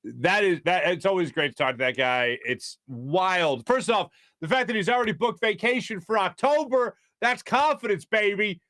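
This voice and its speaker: Male sports show host, fairly high voice, dry close sound, loose and chatty. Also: expressive, normal speed, sharp tone, no room sound. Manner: chatty, rambling, lots of fillers. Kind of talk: casual sports radio chat.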